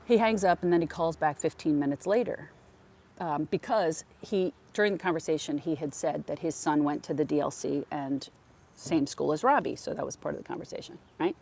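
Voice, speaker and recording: A middle-aged woman tells stories as a podcast host, her voice sitting low and deep for a woman. She rambles casually and slips into other people's voices when she retells conversations. A faint hiss runs under the recording. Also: brisk, a little mellow. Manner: chatty, acts out quoted conversations. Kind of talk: casual storytelling monologue.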